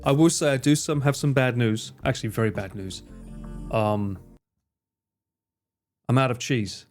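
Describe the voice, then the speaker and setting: A man's voice: mid-range voice, darkish tone, faint music behind. Rambling man chatting on stream. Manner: rambling, joking, swears freely, quick asides. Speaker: livestreamer. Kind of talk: casual chat reading stream chat.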